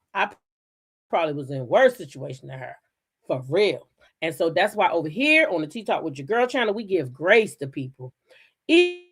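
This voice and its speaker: A woman hosting her own channel, telling stories in a blunt, profane, animated style. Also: mid-range voice. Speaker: channel host. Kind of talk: casual commentary chat.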